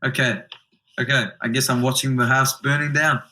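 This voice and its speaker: A podcast host with a bright, forceful voice chats casually. The host tosses out playful, eager follow-up questions. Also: medium pitch, fairly even intonation, normal speed. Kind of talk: casual interview chat.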